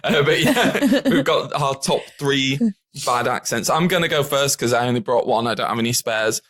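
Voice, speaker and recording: A man's voice: mid-range voice, normal speed. A man hosting a podcast in casual chat, laughing often and swearing freely. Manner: laughing, lively and profane. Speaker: podcast host.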